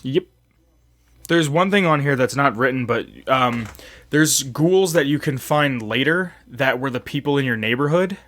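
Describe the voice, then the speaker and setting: A man's voice: mid-range voice, moderate pace, fairly bright tone. A man hosting a casual podcast, reading game facts aloud in a loose, swearing, chatty way. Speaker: podcast host.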